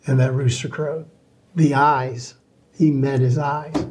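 A man's voice: mid-range voice, little pitch movement, slow pace, darkish tone, a little hiss or hum. A man talking earnestly and reflectively about scripture in a casual co-hosted discussion, with plenty of fillers. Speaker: Bible study co-host.

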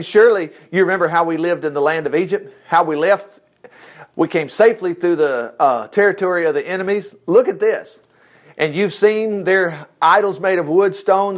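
A man teaching from the Bible in an informal sermon, reading verses aloud and breaking in with excited asides. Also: sits high. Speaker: preacher.

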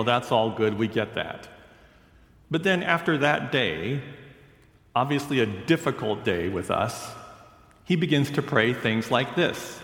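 A man preaching a sermon as a pastor, telling stories slowly and deliberately. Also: mid-range voice, animated, fairly bright tone, roomy sound, big-room sound. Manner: storytelling, slow and deliberate.

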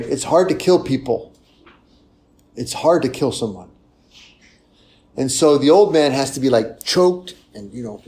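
A man gives a sermon as if talking with the room, checking in with "right?" and softening his voice for acted-out confessions. His pitch is medium, and there's slight background noise.

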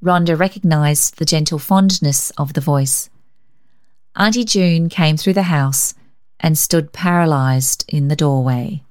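A woman narrating a children's story in a gentle, expressive reading voice. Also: low-pitched, a little slow. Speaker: reader.

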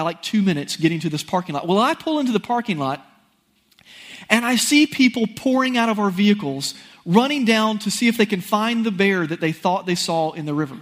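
A man preaching a sermon, telling a personal story in an animated, folksy, conversational way. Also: sits high.

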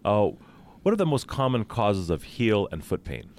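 A man hosting a men's health talk show, asking questions in a halting, chatty way. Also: lowish voice, very animated. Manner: halting, many fillers and restarts while asking. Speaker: show host. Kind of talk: casual interview talk.

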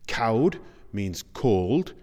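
A man hosting a podcast in measured, explanatory scripted narration. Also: on the low side, very animated, a little mellow. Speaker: podcast host. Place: large circular museum room. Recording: reverberant space.

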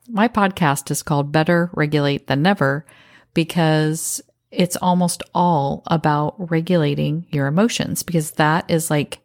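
A woman with a lowish voice hosts a podcast in a calm, coaching tone. She acts out little example phrases as she teaches. The sound is dry and close to the mic. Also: no room sound. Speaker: podcast host. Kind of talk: podcast advice monologue.

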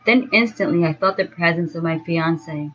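A woman telling a first-person story in a slow, dreamy way. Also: on the low side, fairly bright tone. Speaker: narrator. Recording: dull lo-fi sound with faint music.

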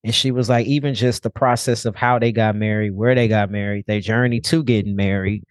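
A man's voice: lowish voice, fairly even intonation, a little fast, dry recording, studio quality. A young man speaking as a podcast guest, telling a personal story bluntly and casually, with frequent swearing.

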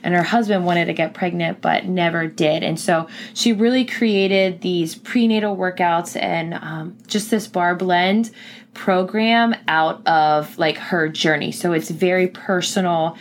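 A woman's voice: fairly low pitch, measured pace, slight background noise. A young woman, pregnant, talking casually and earnestly as a podcast host, with lots of filler words. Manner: chatty, earnest, many fillers. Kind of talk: casual personal talk.

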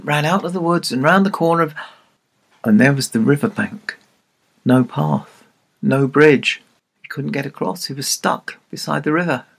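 A man playing Santa tells a children's story with playful, animated delivery and quizzes his young listener as he goes. His voice is gravelly and a little husky, set somewhat high for a man.

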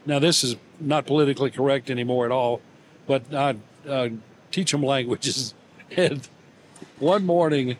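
An older man, a guest in an interview, telling warm everyday stories in a halting, gently humorous way, with many fillers and restarts. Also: mid-range voice, slight background noise. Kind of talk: reflective storytelling interview.

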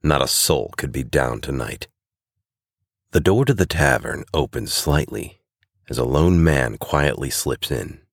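Male storyteller with a very deep voice, even and deliberate narration, dry close recording. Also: vocal fry, no echo. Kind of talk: scripted narration.

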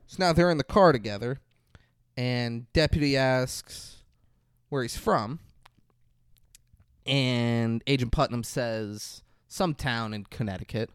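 Casual male podcast co-host, animated storyteller, swears freely, dry close mic. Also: medium pitch, unhurried, smooth, no room sound. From Florida. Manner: animated, profane storyteller acting out scenes. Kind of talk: casual movie recap chat.

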